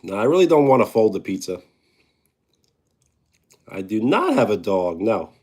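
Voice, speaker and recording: A man's voice: on the low side, very animated, moderate pace, a little mellow, slightly rough. A man with a New York accent, casually chatting with viewers on a home live stream and answering their questions with dry humor. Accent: New York (Brooklyn / Long Island). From New York, USA. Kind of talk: casual live-stream chat, reading comments.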